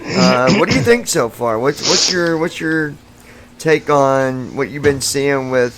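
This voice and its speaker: A man's voice: mid-range voice, a little slow, crowd noise, poor audio. A man co-hosting a casual podcast chat, joking and teasing the others. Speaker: podcast co-host.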